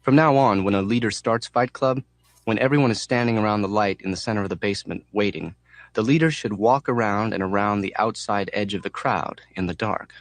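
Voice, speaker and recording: Low-voiced man narrating an audiobook. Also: fairly quick, dry recording.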